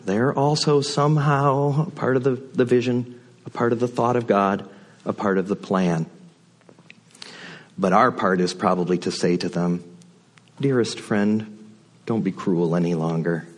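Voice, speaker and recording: A man's voice: medium pitch, steady tone, normal speed. A man giving a sermon from a church pulpit, conversational and reflective, with folksy asides. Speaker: guest speaker at the pulpit. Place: church sanctuary.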